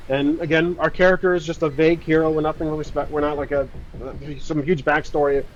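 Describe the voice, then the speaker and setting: A man's voice: a little high, steady tone, quick pace, highs cut off, slight background noise. Hesitant man narrating his solo tabletop game. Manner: thinking aloud, hesitant, with frequent restarts.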